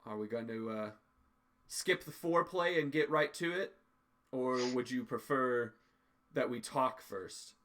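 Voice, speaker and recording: A man's voice: mid-range voice, a little slow, fairly bright tone, close to an everyday voice. A man voicing a captured male doppelganger who taunts his captors with sly, suggestive remarks. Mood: taunting.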